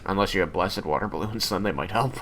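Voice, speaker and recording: Deep gravelly man, wry gamer. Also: fast talker, fairly bright tone, slight background noise. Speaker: podcast co-host playing a game. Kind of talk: casual gameplay chat.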